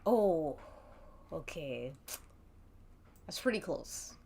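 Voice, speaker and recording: A giggly young woman narrating an interactive mystery game for her stream, swearing casually as she goes. Her pitch is lively and bouncy. She talks at an unhurried, slow pace. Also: vocal fry, slightly rough.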